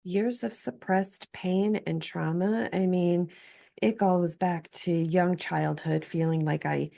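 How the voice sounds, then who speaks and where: A woman's voice: fairly low pitch, fairly even intonation, slow pace, creaky, warm tone. A woman guest, an empowerment coach, telling her personal story of recovery in an earnest, reflective way. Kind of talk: candid personal story in interview.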